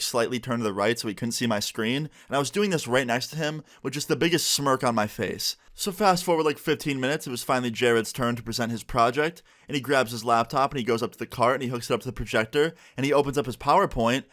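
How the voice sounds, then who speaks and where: A young man vlogging a storytime, telling it in a lively, animated way with swearing. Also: mid-range voice. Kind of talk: storytime vlog.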